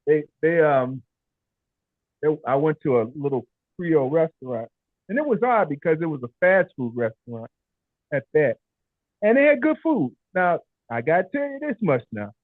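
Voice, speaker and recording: A chatty man tells rambling stories on a video call, raising his voice to act out the people he quotes. His voice sits a little high, and the sound is thin and phone-like, as if heard down a call line. The audio is dry, with no room echo. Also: sing-song, moderate pace. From Chicago area. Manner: rambling storyteller, acts out quotes in raised voices. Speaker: meeting participant. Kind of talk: casual video call chat.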